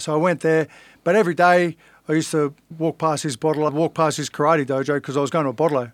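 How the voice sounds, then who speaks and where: A man's voice: fairly high pitch, fairly even intonation, fast, no echo. Blunt Australian man telling stories. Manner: blunt, swears freely, acts out quoted dialogue. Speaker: podcast guest, fighter. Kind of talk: casual storytelling.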